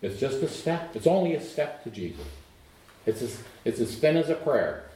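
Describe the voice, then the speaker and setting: Middle aged guy preaching, earnest, goes loud then hushed, sounds far from the mic in an echoey room. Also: sing-song, moderate pace, slight background noise. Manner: earnest, swings from emphatic to hushed and low. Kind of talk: sermon. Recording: roomy echo, voice off-mic.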